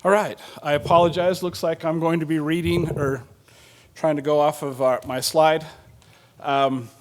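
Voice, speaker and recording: A man's voice: fairly high pitch, fairly even intonation, moderate pace. Joking man giving a conference talk. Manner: casual and joking, with many fillers. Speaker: state water agency planner presenting at a conference. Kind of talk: conference panel presentation.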